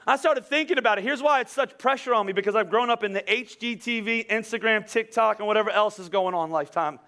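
High-voiced man preaching a chatty sermon. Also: fast, pushed and bright. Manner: chatty, joking, with frequent laughs and repeated words. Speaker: pastor. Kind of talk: casual conversational sermon.

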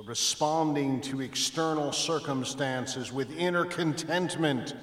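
A man's voice: medium pitch, a little slow, few pauses, fairly bright tone. A man preaching a sermon as pastor, emphatic with dramatic rises and drops in his voice. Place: church sanctuary. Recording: echoey church hall.

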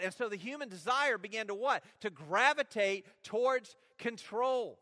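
A man with a high, bright, ringing voice preaches a sermon, pressing his points and throwing questions back at the congregation. His words trail off into a long hall reverb. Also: lively intonation, normal speed, hardly any pauses. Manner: emphatic, asks the listeners questions. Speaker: pastor.

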